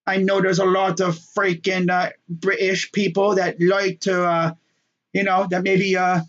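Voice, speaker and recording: A man's voice: sits high, flat delivery, a little slow, fairly bright tone, muffled recording. Young man rambling through sports picks. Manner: joking, rambling, fillers and trash talk. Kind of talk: casual solo sports talk.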